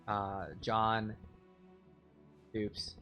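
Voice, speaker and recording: A man's voice: on the low side, completely flat delivery, drawn-out words, bright, forceful tone, faint music behind. Rambling man telling a stream story. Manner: rambling, filler-heavy, self-deprecating; chuckles often between phrases. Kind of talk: casual live-stream storytelling.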